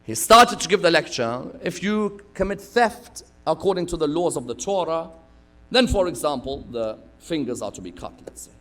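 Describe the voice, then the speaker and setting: Animated man preaching a sermon. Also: fairly high pitch, moderate pace. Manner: animated storytelling, acting out quotes, sudden loud bursts. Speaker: preacher giving a Muharram lecture.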